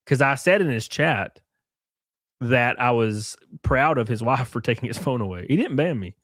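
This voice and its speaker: A man's voice: mid-range voice, animated, moderate pace, fairly bright tone, dry recording, studio quality. A young man hosting a casual live stream, mocking and sarcastic, swearing freely and thanking viewers for gifted subs.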